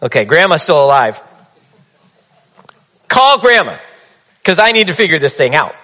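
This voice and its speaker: A man's voice: on the high side, big pitch swings, normal speed, pushed and bright, exaggerated voice. A man voicing a stubborn young wife who speaks in a slightly raised, insistent voice.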